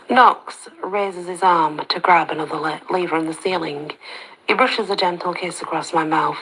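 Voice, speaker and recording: A woman narrating a story in the first person, soft-spoken and slipping into whispers. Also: on the low side, fairly even intonation, moderate pace, slight background noise, rough recording.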